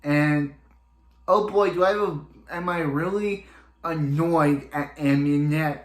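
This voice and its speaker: Slow-talking man reviewing an episode, echoey room. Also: a little high. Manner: rambling, chatty, leans on "he's like" and restarts; openly opinionated and exasperated about a character. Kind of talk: casual episode recap and review.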